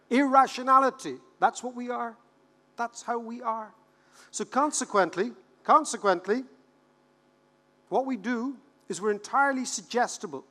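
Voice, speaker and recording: An Irish man in his fifties giving a humorous conference keynote, animated and joking, repeating words for rhythm. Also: high-pitched. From Ireland. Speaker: keynote speaker. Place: large conference hall. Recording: reverberant conference hall.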